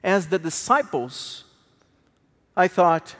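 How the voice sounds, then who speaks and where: A man preaching a sermon as a story, swinging between hushed, slow lines and raised, emotional ones. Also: high voice. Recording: long hall reverb.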